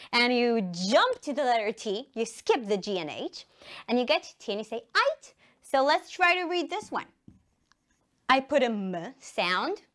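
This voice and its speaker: A woman with an Israeli accent teaching English to young children on television, singing letters and having them repeat sentences. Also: on the high side. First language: Hebrew. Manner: animated, sings letters and has children repeat. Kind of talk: televised primary-school English lesson.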